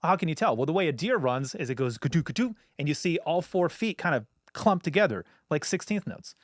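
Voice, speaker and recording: A man's voice: fairly high pitch, animated, dry recording. A man co-hosting a studio podcast, talking in a loose, casual way with lots of fillers and the odd curse. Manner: loose, swearing, lots of filler words and quick asides. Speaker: podcast co-host. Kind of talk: casual chat.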